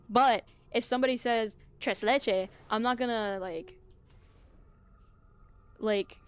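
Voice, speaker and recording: A woman's voice: a little high, takes it slowly, long pauses, clear, resonant tone. A young woman streamer in her twenties chatting casually as she plays, venting and swearing, with lots of filler words. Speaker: gaming streamer. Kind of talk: casual chat while playing.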